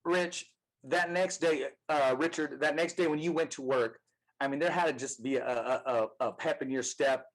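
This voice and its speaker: A man's voice: mid-range voice, rough recording. Encouraging male podcast host. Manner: encouraging, halting questions. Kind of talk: interview questions.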